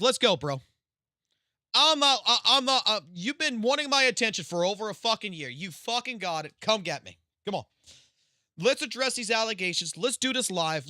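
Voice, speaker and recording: Man, live-stream commentary, heated profane rant, high voice, swooping intonation. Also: sharp tone, no echo, studio quality. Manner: heated, profane, confrontational ranting.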